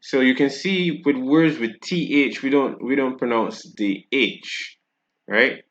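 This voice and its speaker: A man's voice: medium pitch, slow pace, a bit bright, muffled recording. A man with a Barbadian accent, teaching a French pronunciation lesson in a casual, patient way and often checking in with tag questions.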